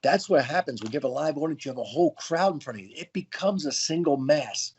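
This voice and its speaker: A man's voice: fairly high pitch, lively intonation, fast, a little mellow, slightly rough, muffled recording. A man, a veteran stand-up comedian, chatting reflectively as a guest in an interview. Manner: reflective, loose and conversational. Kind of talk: casual interview chat.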